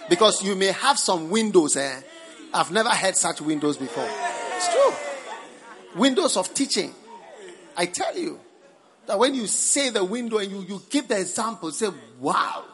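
A man's voice: high voice, moderate pace. Playful male preacher in a reverberant hall. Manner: animated, playful, teasing the congregation. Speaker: pastor. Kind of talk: sermon. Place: large church hall. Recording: reverberant hall, faint ambience.

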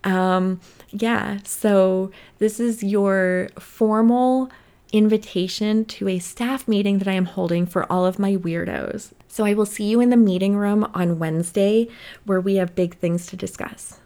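A woman's voice: medium pitch, steady tone, unhurried, dark tone. A woman hosting her own podcast, chatting casually and rambling, often swearing at herself. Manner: rambling, self-deprecating, swears a lot. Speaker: podcast host. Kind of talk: casual solo podcast chat.

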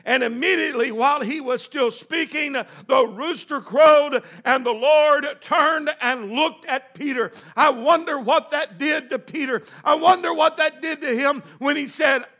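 A man preaching a sermon who swings from hushed storytelling to shouting and acts out the words of the people in his story. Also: very high voice, unhurried, few pauses.

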